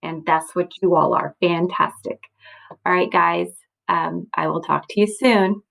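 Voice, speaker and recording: A woman's voice: lowish voice, steady tone, unhurried, creaky, a bit bright, poor audio. A woman teacher walking young students through a recorded slideshow lesson, patient and encouraging, often checking in with "okay?" and "right?". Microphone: computer mic, screen recording.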